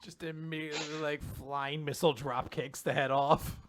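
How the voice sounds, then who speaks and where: A man co-hosting a podcast, chatting casually and tossing in quick, jokey reactions. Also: fairly high pitch, level tone. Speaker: podcast co-host. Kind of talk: casual chat.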